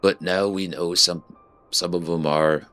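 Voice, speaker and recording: A man putting on a gruff pirate captain. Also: rumbling low, steady tone, normal speed, fairly bright tone, faint music behind. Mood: grim. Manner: rough, clipped pirate-style dialect. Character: gruff female sea captain with a pirate brogue. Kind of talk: reading game dialogue aloud.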